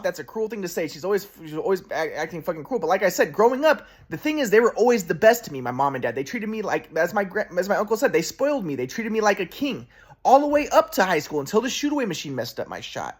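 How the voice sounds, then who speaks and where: A young man in his twenties rambles through a personal monologue, circling back and restarting his sentences. His pitch rises and falls in a lively, animated way. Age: 20s. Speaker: vlogger.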